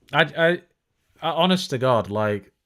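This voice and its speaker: A man's voice: on the high side, expressive, slow, creaky, fairly bright tone. A man hosting a casual tech live stream, chatty and joking, with lots of fillers and restarts. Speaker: tech show host.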